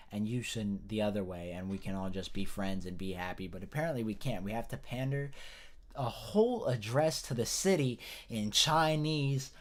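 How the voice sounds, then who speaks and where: A man's voice: sits low, darkish tone. A man giving a casual news commentary rant, rambling and profane with frequent restarts. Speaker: political commentator.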